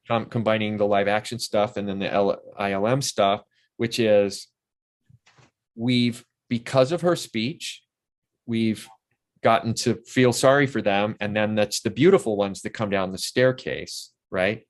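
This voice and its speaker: A man in his sixties, an interview guest and actor, telling long, rambling anecdotes full of restarts. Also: lowish voice.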